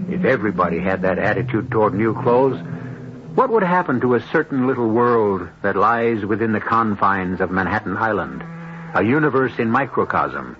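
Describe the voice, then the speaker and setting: A man hosting a radio mystery drama, narrating in a measured, wry, deliberate way. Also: fairly low pitch, slight background noise. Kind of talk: scripted narration. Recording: dull lo-fi old radio broadcast.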